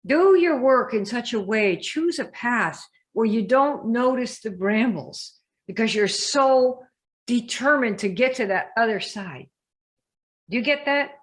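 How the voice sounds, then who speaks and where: A woman coaching a group in a lively live session, often asking her listeners questions and acting out the voices she quotes. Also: mid-range voice. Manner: emphatic, asks the audience questions, acts out quoted voices. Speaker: business coach.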